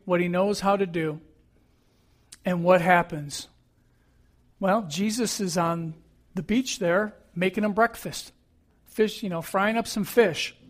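Male pastor, conversational sermon delivery, relaxed storyteller, high-pitched.

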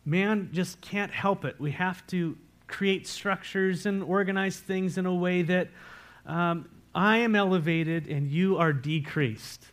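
A pastor preaching a sermon, earnest and repeating key words for emphasis. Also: male voice, high-pitched, takes it slowly. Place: church sanctuary.

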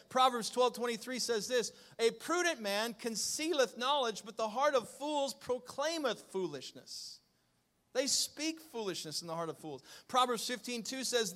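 High-voiced joking male pastor. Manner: joking, swings from low asides to loud emphatic lines. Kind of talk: sermon.

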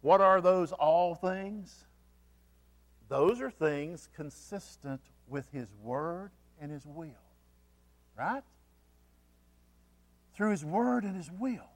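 A man's voice: high voice, animated, takes it slowly, long pauses. A man preaching a sermon as pastor, asking the congregation questions and repeating key phrases for emphasis. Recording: long hall reverb.

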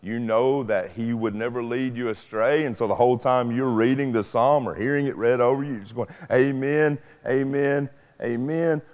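A man's voice: mid-range voice, fairly quick, hardly any pauses, darkish tone. A middle-aged man, preaching a sermon in an earnest, personal, conversational way. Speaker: pastor. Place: church sanctuary. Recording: long church reverb.

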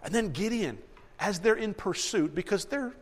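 A man preaching and reading Bible verses aloud, animated and repeating himself as he acts out the story. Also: high-pitched, normal speed, big-room sound. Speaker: preacher teaching a Bible passage.

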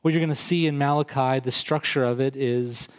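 A man's voice: steady tone, a little fast, clear, resonant tone. A male pastor preaching a sermon, explaining scripture conversationally and rising in intensity for emphasis. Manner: rises in pitch and intensity when quoting and emphasizing.

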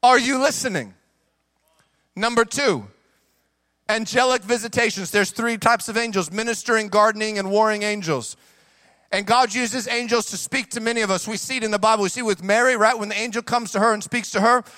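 A young adult man preaching a sermon as pastor, animated, moving from quick hushed asides to drawn-out shouted emphasis, with casual slang asides to the congregation. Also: sits high, no room sound.

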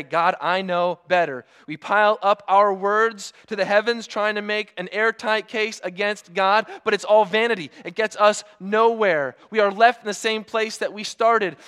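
A man with a notably high voice preaches a sermon. He builds his points through rhetorical questions, pressing each one home with earnest emphasis and drawn-out pauses before key words. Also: fairly bright tone.

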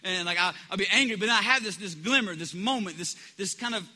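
A man's voice: high-pitched, quick pace, bright, forceful tone. A man preaching a sermon in a conversational way, often restarting his sentences and acting out the people he quotes. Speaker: pastor. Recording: preached in a reverberant hall.

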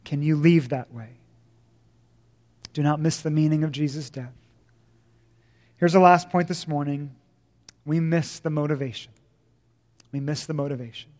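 A man preaching a sermon as pastor, swinging from loud emphasis to hushed, slow lines. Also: fairly high pitch, fairly even intonation, long reverb tail.

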